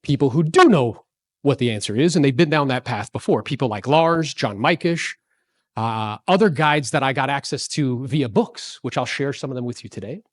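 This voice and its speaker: A man in his forties giving an energetic motivational talk to a live audience, telling stories and asking the crowd questions. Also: medium pitch, moderate pace, no room sound, studio quality. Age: 40s. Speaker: real estate speaker.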